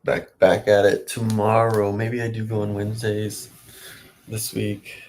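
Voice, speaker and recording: A man's voice: on the low side, little pitch movement, unhurried, a little mellow, slight background noise. A man in his late thirties talking casually to the camera in a rambling, self-encouraging vlog. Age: late 30s. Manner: chatty, self-encouraging, wandering. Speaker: vlogger.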